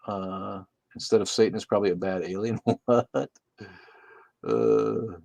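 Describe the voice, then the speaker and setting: A man's voice: fairly low pitch, fairly even intonation, a little slow, vocal fry, a little mellow, dry recording. A man co-hosting a casual livestream, talking in a crude, playful way. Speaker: livestream co-host.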